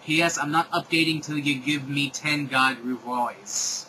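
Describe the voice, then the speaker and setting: A man's voice: mid-range voice, fairly even intonation, a little slow, sharp tone, a little hiss or hum, rough recording. A man reading out author's notes in the voice of a bratty, gushing teenage girl writer.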